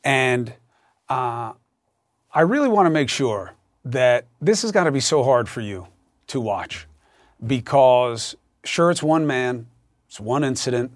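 A man's voice: mid-range voice, lively intonation, measured pace, no room sound, clean studio sound. A man hosting a news show, introducing stories and guests in an emphatic, conversational way. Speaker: host. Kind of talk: news commentary and interview.

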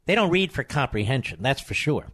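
A man hosting a political talk radio show, combative and emphatic, with sudden high outbursts. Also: sing-song, fairly quick, fairly bright tone, husky.

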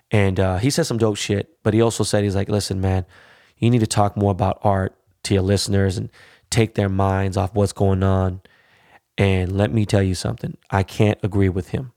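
Swearing freely, this podcast host delivers a blunt rant, often tacking on "all right?" or "you know?" to drive points home. He has a low, slightly mellow voice with vocal fry, captured in a dry, studio-quality recording.

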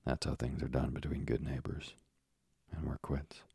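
A man's voice: extremely low pitch, little pitch movement, normal speed, vocal fry, dark tone, slightly rough, dry recording, clean studio sound, heavily acted. A man voicing a sly, ingratiating young male tailor in a storybook reading.

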